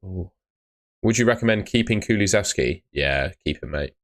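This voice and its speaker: Deep-voiced man streaming advice. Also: lively intonation, normal speed. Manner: chatty, blunt advice, often ends with "mate". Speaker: fantasy football streamer. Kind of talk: casual live-stream chat.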